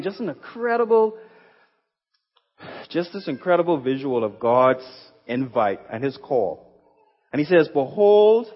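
A man pastor giving a sermon, reading scripture earnestly and adding casual, emphatic asides. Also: mid-range voice. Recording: echoey hall, muffled sound.

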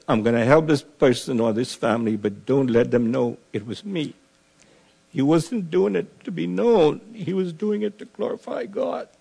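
A man gives a funeral eulogy at a middle pitch. His voice is dark and mellow. He speaks in a measured, solemn way and presses hard on the key lines like a preacher. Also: creaky.

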